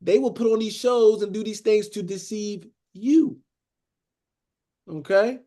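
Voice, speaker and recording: A man's voice: sits high, a little slow. A man teaching a Bible study in a conversational sermon style, breaking in to act out the characters and often saying "beloved" and "okay?". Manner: animated, acts out characters, frequent "beloved" and "okay?".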